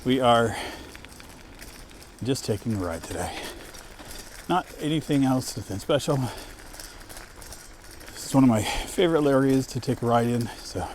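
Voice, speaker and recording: A man's voice: mid-range voice, animated, unhurried, long pauses, darkish tone, a little hiss or hum. Breathless man vlogging from his bike. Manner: rambling, self-deprecating. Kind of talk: casual chat while cycling. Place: wooded trail outdoors, riding a bike. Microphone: wireless lavalier on the rider.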